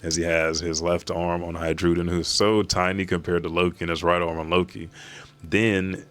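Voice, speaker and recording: A man hosting a live reaction to a manga chapter. He recaps it in an excited, profane and rambling way. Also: low voice, moderate pace.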